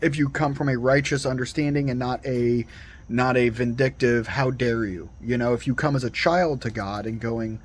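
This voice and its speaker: Earnest rambling man, mid-pitched. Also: steady tone, moderate pace. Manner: earnest, digressive, frequent restarts. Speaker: Christian video commentator. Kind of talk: rambling solo monologue.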